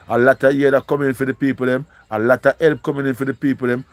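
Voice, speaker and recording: A man's voice: medium pitch, flat delivery, fast talker, no room sound. A man with a Jamaican accent, pleading and repeating himself as he speaks emotionally to viewers on a live stream. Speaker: livestreamer.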